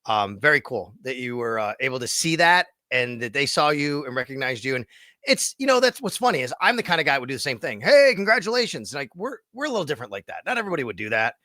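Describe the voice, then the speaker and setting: Fast-talking bright podcast man. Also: mid-range voice, big pitch swings, no room sound, clean studio sound. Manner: enthusiastic, affirming. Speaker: podcast co-host. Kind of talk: casual podcast chat.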